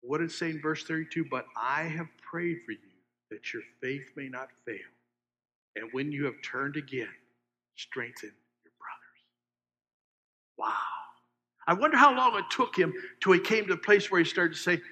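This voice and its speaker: A man preaching a sermon, asking his listeners questions and swinging between loud emphasis and hushed asides. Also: fairly high pitch, expressive, moderate pace. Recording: long hall reverb.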